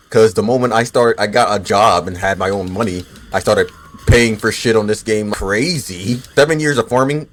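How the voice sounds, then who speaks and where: A man in his twenties with a lowish voice gives laid-back, swear-heavy commentary while he plays a game. He chats loosely with his viewers between fights and is bothered by the hiccups. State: has the hiccups. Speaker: gaming streamer. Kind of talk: casual gameplay commentary.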